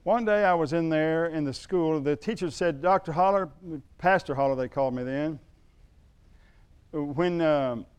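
A middle-aged man preaching a sermon, telling a personal story in a folksy way that swings from loud to hushed. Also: on the high side, clean tone, highs cut off. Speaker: pastor.

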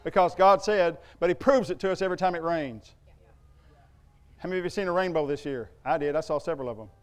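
Speaking fast in a smooth, somewhat high voice, this middle-aged pastor delivers a church sermon. His style is emphatic and conversational, loaded with rhetorical questions.

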